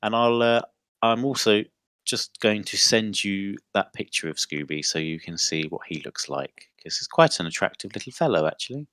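A man's voice: on the low side, moderate pace, no room sound, clean studio sound. A young man co-hosting a podcast, reading a funny news story aloud in casual chat and often breaking into laughter. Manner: giggly, breaks into loud laughter while reading. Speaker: podcast co-host.

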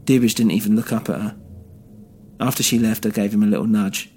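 Guy narrating a story in first person, steady and low, faint music behind. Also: brisk.

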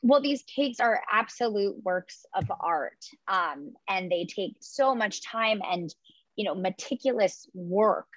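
A woman's voice: medium pitch, animated, takes it slowly, dry recording. A woman interviewing a guest in an upbeat, chatty way. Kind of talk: friendly interview questions. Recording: dry, slightly muffled audio.

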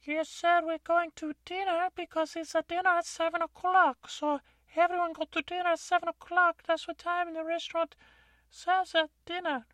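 A man voicing a nervous townsperson in a very high voice, rambling and over-explaining. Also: level tone, normal speed, a bit bright, dry recording. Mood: defensive.

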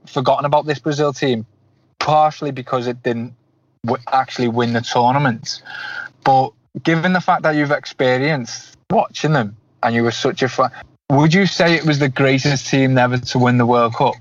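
A man's voice: medium pitch, normal speed, dry recording. Rambling podcast host in his thirties. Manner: rambling, many restarts. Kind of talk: interview questions. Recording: dull lo-fi podcast audio.

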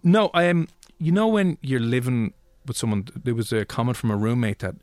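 A man co-hosting a radio show, telling stories in a quick, self-mocking way. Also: mid-range voice, a little mellow, no echo. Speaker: radio co-host. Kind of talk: casual chat.

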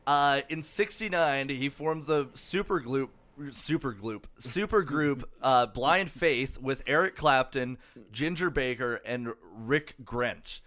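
A man's voice: mid-range voice, takes it slowly, a bit bright. A man co-hosting a casual comedy podcast, reading out a musician's history with lots of fillers and swearing. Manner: profane, filler-heavy storytelling. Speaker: podcast co-host.

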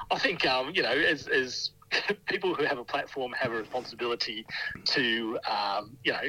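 Male scientist guest, bright and raspy, hesitant and giggly. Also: medium pitch, huge pitch swings, a little slow, long pauses, poor audio. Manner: hesitant, laughs often, many ums. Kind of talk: interview answers.

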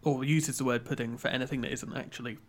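A man's voice: medium pitch, steady tone, fast talker, slight background noise. A man co-hosting a casual podcast, bantering and teasing. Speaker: podcast co-host.

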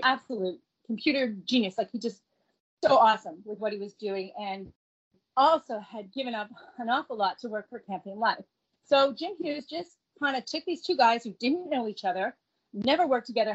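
Middle-aged woman, husky, casual storyteller, acts out quoted voices, muffled lo-fi sound. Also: on the high side, moderate pace. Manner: animated, acts out the quoted voices, laughs between lines. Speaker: guest telling her family story. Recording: dull lo-fi recording.

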